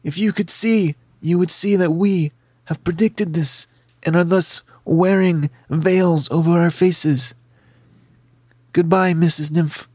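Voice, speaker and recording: Guy putting on a prim snurbervlin creature, husky, kinda low, very polite and formal, dry sound. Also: steady tone, slow pace, darkish tone, no echo.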